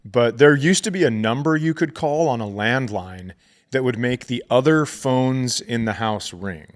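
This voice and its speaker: A man's voice: medium pitch, unhurried. A man hosting a comedy podcast, telling childhood stories in a wry, profane way. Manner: wry, swears freely, acts out quotes. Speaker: podcast host. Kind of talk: casual comedic storytelling.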